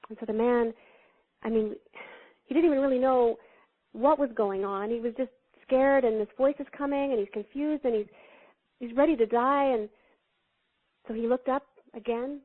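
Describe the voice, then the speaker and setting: A woman with a somewhat high voice tells teaching stories as an interview guest, slipping into the voices of the people in them. Her voice comes through a thin, tinny phone line. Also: normal speed, pauses often. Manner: animated storyteller who acts out the voices in her stories.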